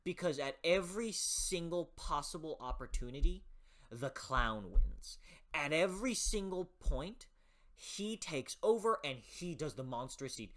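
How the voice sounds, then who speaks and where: A passionate book reviewer with a bright, clear tone and a voice that swings widely up and down. They talk unhurriedly, swear freely and often stumble and restart mid-thought in a casual spoken review. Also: medium pitch, lively intonation, measured pace. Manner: restarts and stumbles while thinking aloud.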